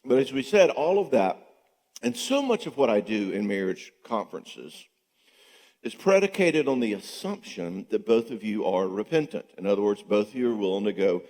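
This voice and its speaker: A man with a voice on the low side, speaking at normal speed, addresses an audience in a church sanctuary as a counselor at a marriage conference. He keeps things casual and conversational, often checking in with "okay?" and "all right?", and acts out the people he quotes in lively voices. The large church hall adds a long reverb.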